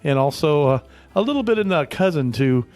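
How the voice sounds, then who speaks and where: A man's voice: on the high side, lively intonation, a little fast, a little mellow. Joking man hosting a radio chat. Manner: jokey, rambling, laughs often. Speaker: radio host. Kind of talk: casual radio interview chat.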